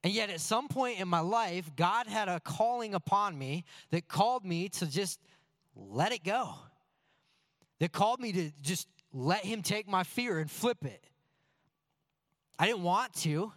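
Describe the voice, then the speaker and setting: A man preaching a sermon through personal stories, in an earnest, animated and self-deprecating way. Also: high-pitched, a little slow.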